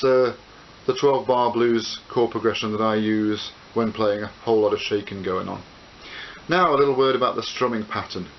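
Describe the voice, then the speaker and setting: A ukulele teacher with a fairly low voice gives a relaxed, explanatory lesson, counting beats and calling chords as he plays, with frequent "uh" fillers. It's recorded on a camcorder mic, so the audio is dull and hissy, with the ukulele loud in the background.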